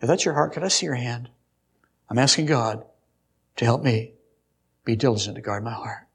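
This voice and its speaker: An older pastor delivers an earnest sermon to his congregation, laying out numbered points and recounting a story from his own childhood. His voice is medium-pitched, a bit bright and husky, at a moderate pace.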